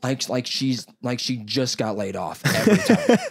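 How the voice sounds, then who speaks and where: Young guy rambling on a podcast, swears a lot, does goofy loud voices. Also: mid-range voice, huge pitch swings, moderate pace, vocal fry, breathy edge. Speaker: podcast host. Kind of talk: casual chat.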